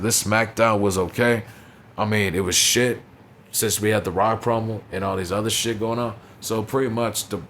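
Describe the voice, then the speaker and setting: Young male reviewer, lowish voice, casual foul-mouthed rant, faint hiss behind. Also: fairly bright tone. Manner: blunt, profane, dismissive, leans on "you know what I'm saying". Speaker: wrestling show reviewer. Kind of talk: casual profane recap commentary.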